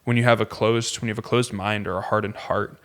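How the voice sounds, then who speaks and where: A man's voice: fairly low pitch, flat delivery, fast talker, fairly bright tone, clean tone. A man, a pastor, talking earnestly in casual conversation, with many fillers and restarts.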